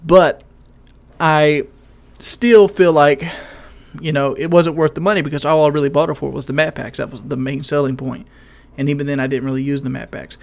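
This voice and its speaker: A young man giving casual gaming commentary, rambling and correcting himself, in what he calls a monotone voice, often asking viewers questions. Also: fairly high pitch, moderate pace, gravelly. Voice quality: self-described monotone voice.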